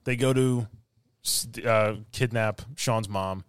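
A man's voice: fairly low pitch, fairly even intonation, takes it slowly, clean tone, dry recording, studio quality. A man hosting a podcast, animatedly retelling film scenes in casual review chat and laughing often. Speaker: podcast host.

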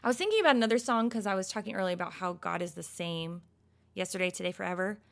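A woman giving a casual Christian devotional talk, expressive and emphatic, swinging between loud bursts and soft, quiet stretches. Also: medium pitch, fast, gravelly.

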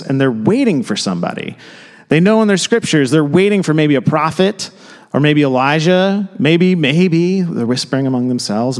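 A man preaching a sermon in a casual, conversational way, with quick asides and restarts. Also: medium pitch, in a large hall. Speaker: pastor. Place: church sanctuary.

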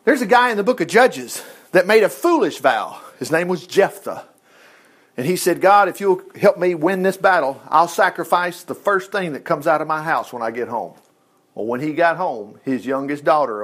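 A man's voice: fairly high pitch, lively intonation, normal speed, a bit bright. A middle-aged man preaching in a chatty, folksy storytelling way, acting out the lines he quotes.

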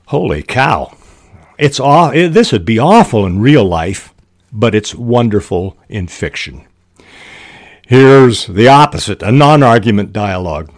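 A middle-aged man hosting a writing podcast, explaining fiction techniques in a measured way with short pauses. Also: medium pitch, sing-song, no echo, clean studio sound. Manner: measured, reads examples aloud with short pauses. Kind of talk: instructional talk on fiction writing.

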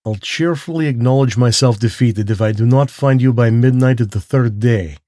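A man's voice: moderate pace, mellow, no echo, clean studio sound, lightly acted. A man putting on a silky, courtly aristocrat hunter. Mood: silkily menacing. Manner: polished and genteel, with a lift in pitch. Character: suave courtly aristocratic male hunter, menacing.

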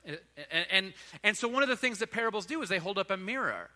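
Guy preaching, casual storyteller, high and super bright voice, big hall reverb. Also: expressive, fast talker. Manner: informal, conversational storytelling. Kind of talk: sermon storytelling.

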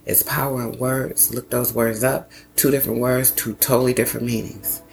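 A man hosting a motivational self-help podcast, speaking earnestly and encouragingly, repeating phrases for emphasis and slowing down on key lines. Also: medium pitch, level tone, gravelly, soft background music. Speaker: podcast host.

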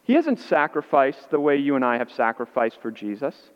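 A man preaching a sermon as pastor, animated and acting out the voices he quotes. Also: normal speed. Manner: animated, acts out quoted voices with rising pitch. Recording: muffled audio in a reverberant hall.

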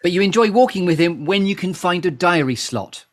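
A man's voice: high-pitched, expressive, fairly quick. Playful, digressive male podcast host. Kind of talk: chatty interview on a live stream.

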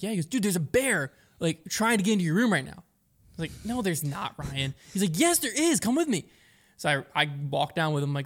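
A young man telling a long story in casual conversation, quick and rambling, raising his voice when he quotes friends. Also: fairly high pitch, fairly bright tone.

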